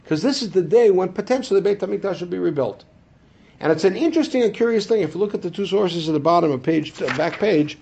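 A man teaching a Torah class, asking the room rhetorical questions and answering them himself, dropping into low asides and rising to emphatic high points. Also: gravelly, darkish tone, slightly rough, dull audio. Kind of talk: classroom lecture.

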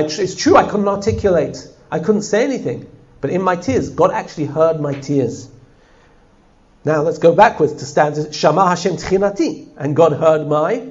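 A man teaching a text study class, animated and often putting questions to his listeners. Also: high voice, muffled recording. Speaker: Torah teacher.

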